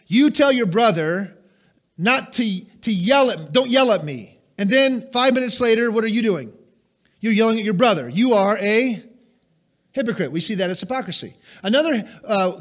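A man preaching a sermon as pastor, emphatic, with pointed asides to the congregation. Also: sits high. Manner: emphatic, rises and drops sharply for stress.

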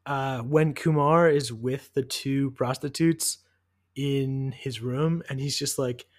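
A young man from the US Northeast co-hosting a casual movie podcast, excited and fast, full of "like" and "dude". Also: mid-range voice. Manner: animated, fast, leans on "like" and "dude". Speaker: podcast co-host. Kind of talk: casual movie-review chat.

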